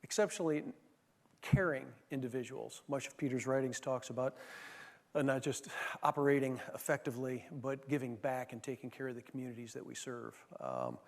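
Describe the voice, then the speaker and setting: A man's voice: mid-range voice, expressive, a little fast, gravelly. A man giving an anecdotal leadership talk, telling stories with many fillers and restarts. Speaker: former managing partner giving a talk. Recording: long hall reverb.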